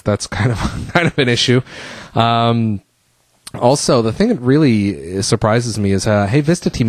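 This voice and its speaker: A man's voice: lowish voice, no room sound. A man hosting his own podcast solo, chatting casually and rambling with fillers and restarts, a bit out of breath. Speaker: podcast host.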